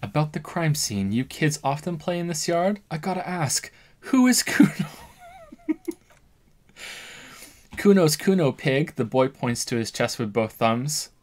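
A man's voice: a little high, expressive, unhurried. A man in the middle of a let's-play stream, alternating between reading on-screen dialogue and musing aloud. His commentary is dry and casual, full of self-corrections and half-finished thoughts. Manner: wry, thinks aloud with frequent restarts. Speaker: streamer playing a game.

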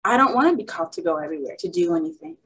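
A woman's voice: medium pitch, very animated, rapid-fire, gravelly, a bit bright, a little hiss or hum, poor audio. A young woman speaking at a women's workshop, sharing an emotional personal testimony in a heartfelt, candid way.

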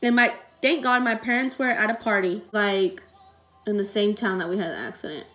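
A woman's voice: mid-range voice, normal speed, a bit bright, soft background music. A young woman vlogging, telling a personal story in a rambling, emotional way with many fillers, close to tears.

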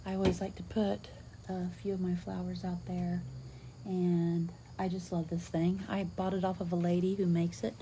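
A woman's voice: on the low side, little pitch movement, moderate pace, noisy background. A woman chatting in a casual home vlog, rambling with many fillers and sometimes dropping to a whisper, filmed on a handheld camera. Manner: drops to a whisper at times. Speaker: vlogger. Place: at home, inside and in the yard.

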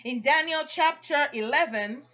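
A woman's voice: high-pitched, measured pace, fairly bright tone, muffled recording. A woman preaching a passionate sermon, exhorting her listeners with rising emphatic peaks.

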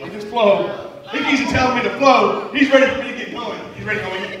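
A male evangelist preaching fervently, swinging from shouted praise to quiet storytelling with laughing asides. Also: high voice, quick pace. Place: church sanctuary. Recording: echoey church hall, mic at a distance.

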